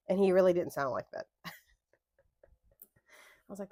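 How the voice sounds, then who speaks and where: Young woman vlogging while she decorates her planner, lowish voice, super dry close sound, rambles off on tangents. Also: moderate pace, pauses often, dark tone, no room sound. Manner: rambling, chatty, drifts into tangents and self-corrections. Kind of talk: casual chat while crafting. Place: at home at a craft desk.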